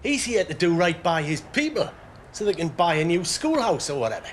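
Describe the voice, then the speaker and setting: A man's voice: fairly high pitch, big pitch swings, brisk, slight background noise. An actor playing an earnest, decent working man in a TV drama. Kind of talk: TV drama acting.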